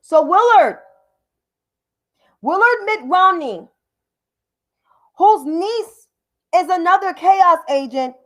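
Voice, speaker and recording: A woman with a high voice hosts a political commentary livestream. She talks in a combative, profane rant and keeps repeating names to drive her point home. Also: lively intonation, slow pace, long pauses, fairly bright tone.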